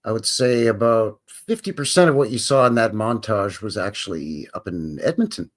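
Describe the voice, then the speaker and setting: A man's voice: fairly low pitch, animated, moderate pace. Canadian male livestream host, loose and jokey, with a voice that swings up and down. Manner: rambling and jokey, tags lines with "eh, buddy". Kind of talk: casual livestream chat.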